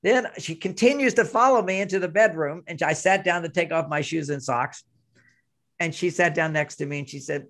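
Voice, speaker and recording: An older man, a relationship expert as interview guest, telling animated anecdotes and acting out both sides of the dialogue. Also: on the high side, fairly quick. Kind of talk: conversational storytelling interview.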